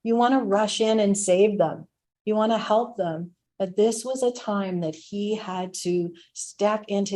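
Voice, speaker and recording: A woman's voice: mid-range voice, unhurried, mellow. A woman, a spiritual director, giving a reflective spiritual talk and telling stories, laughing now and then.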